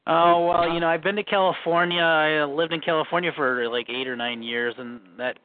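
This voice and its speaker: A man's voice: a little high, fairly even intonation, moderate pace, clear, resonant tone, dry recording. A man with a faint Minnesotan accent, casually telling his life story in a rambling, self-correcting way. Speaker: guest recalling his life. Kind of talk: casual conversation. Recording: phone-like narrow band.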